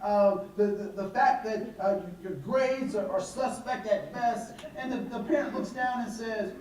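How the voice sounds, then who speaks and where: A man giving a talk to an audience, telling stories with animated delivery, acting out dialogue and asking rhetorical questions. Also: sits high, measured pace. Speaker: speaker on attitudes and education. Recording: very echoey hall from far off.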